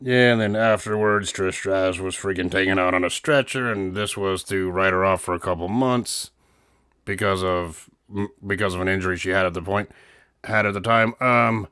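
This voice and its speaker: Low-pitched male co-host, dry close mic, joking and teasing, laughs a lot. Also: steady tone, moderate pace, bright, forceful tone, clear, resonant tone, no echo. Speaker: co-host reviewing wrestling. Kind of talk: casual podcast chat.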